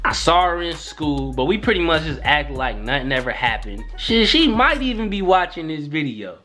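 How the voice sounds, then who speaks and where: Animated young man telling a story. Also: fairly high pitch, normal speed, soft background music. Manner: animated, slangy, profane. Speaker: YouTuber. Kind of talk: casual storytelling.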